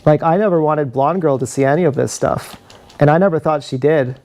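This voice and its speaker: Gravelly man rambling on a livestream. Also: on the high side, a little fast, a little mellow. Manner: meandering, confessional, laughs at own stories. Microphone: action camera.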